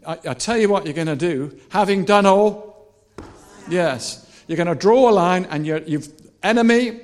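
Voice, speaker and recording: A male preacher giving a lively, animated sermon, swinging between soft, personal asides and repeated, shouted rallying cries. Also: high-pitched, moderate pace. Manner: animated, shouting and laughing with the crowd.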